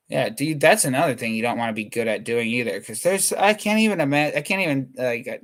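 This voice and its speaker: A man's voice: medium pitch, animated, fast talker, hardly any pauses, a bit bright. Man, mid-range voice, for a loose stand-up ramble that keeps interrupting and restarting itself. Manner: scattered, self-interrupting, restarts thoughts mid-sentence. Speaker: comedian. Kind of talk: rambling comedic monologue.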